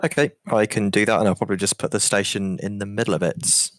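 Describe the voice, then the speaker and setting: A man with a very deep voice speaks plainly and calmly in a meeting over a voice call. The sound is dry and close, with no room around it. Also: quick pace, dry recording. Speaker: staff member proposing a rail extension. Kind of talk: casual meeting discussion.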